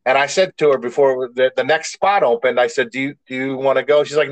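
A man's voice: medium pitch, quick pace, no echo, rough recording. A man co-hosting a podcast in casual chat, a rambling storyteller who restarts often and swears mildly. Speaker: podcast co-host.

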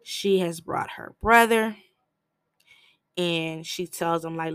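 A woman's voice: fairly low pitch, takes it slowly, long pauses, clean tone, no echo. A woman tells a film's story in a loose, slangy and blunt way, jumping into the characters' voices as she goes. She sits close to the mic in a dry, deadened space. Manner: animated, slangy, acts out quoted lines; blunt and profane. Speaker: film recap vlogger. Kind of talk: casual movie recap storytelling.

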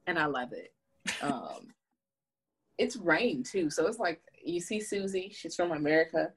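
Woman co-host, low-ish husky voice, animated colloquial recapper. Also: a little slow. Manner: animated, colloquial storytelling with playful asides. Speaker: podcast co-host. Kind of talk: casual film discussion chat.

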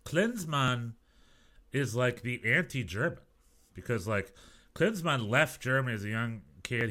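Bright-voiced man in rambling podcast chat. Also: fairly low pitch. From United States. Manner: animated, rambling storyteller with many restarts. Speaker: podcast co-host. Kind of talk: casual chat.

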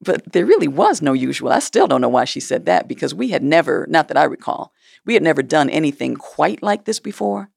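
A woman's voice: low voice, big pitch swings, a little fast, creaky, a little mellow, breathy edge, no room sound, studio quality. A woman recounting a personal story in a blunt, matter-of-fact way.

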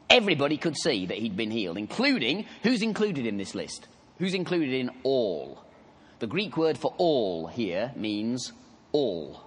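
A man preaching a sermon, telling the story in an animated, conversational way with asides to the congregation. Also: medium pitch, measured pace, breathy edge, long reverb tail.

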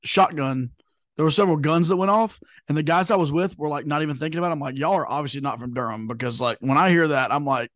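A man's voice: a little high, quick pace, a bit bright, dry recording, studio quality. A young man co-hosting a sports podcast, chatting casually with plenty of fillers and rambling asides. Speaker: podcast co-host. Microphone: podcast mic.

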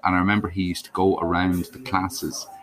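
Guest, young adult male, very low voice, casual and rambling, plenty of restarts. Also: flat delivery, fairly quick, crowd noise. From Ireland. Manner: rambling, lots of restarts and asides. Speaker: podcast guest. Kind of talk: casual chat.

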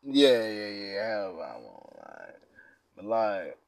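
A man hosting a casual podcast, reading quiz questions aloud and reacting in profane slang, dropping to mumbles and then bursting out loud. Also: fairly low pitch, wildly swooping pitch, slow, vocal fry, dry recording. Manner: laid-back, profane slang, swings from mumbling to loud outbursts. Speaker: podcast host.

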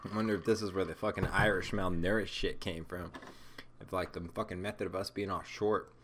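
Male solo podcast host, low voice, rambling stoner rant full of swearing. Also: steady tone, fairly quick, fairly bright tone, a little hiss or hum. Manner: rambling, heavily profane, stoned.

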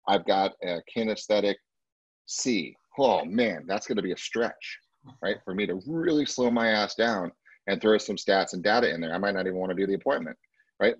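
Husky low-voiced man teaching a sales class. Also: fairly quick, no echo, dull audio. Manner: emphatic, acts out client quotes in a much higher voice. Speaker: real estate sales trainer. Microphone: video call.

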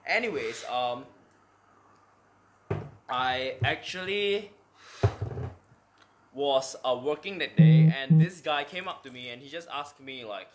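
A man's voice: on the high side, lively intonation, measured pace, long pauses, noisy background. A young man with a Singaporean English accent, joking around and telling stories in casual chat. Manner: playful, joking. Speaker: bar and bistro worker.

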